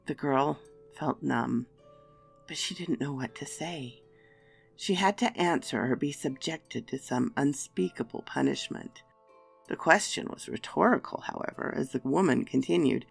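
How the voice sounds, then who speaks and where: A woman narrating a dark fairy tale slowly and quietly, sometimes dropping to a whisper, over faint music. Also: very deep voice, creaky, husky, no room sound. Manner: slow, hushed, dropping to whispers. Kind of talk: scripted horror story narration.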